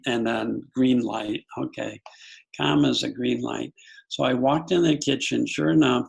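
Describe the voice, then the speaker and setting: An older man from the United States talks as an interview guest, working through a personal story in an earnest, unhurried way. His voice is heavily gravelly with a husky edge. He often restarts his sentences and slips into quoted asides. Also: mid-range voice, rough recording. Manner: calm, earnest, with self-corrections and quoted asides. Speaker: guest psychologist.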